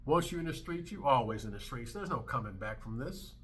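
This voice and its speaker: A man's voice: mid-range voice, lively intonation, brisk, a bit bright, slight background noise. A man in his thirties hosting a commentary vlog, ranting in a brash, emphatic way and swearing freely. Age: 30s. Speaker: commentary channel host.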